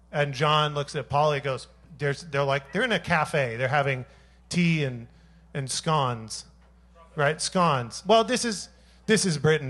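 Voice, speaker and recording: A man's voice: a little high, a bit bright. Rambling joking male singer on stage. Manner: rambling, self-deprecating joking. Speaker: singer-songwriter performing live. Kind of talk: between-song stage banter. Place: live music venue.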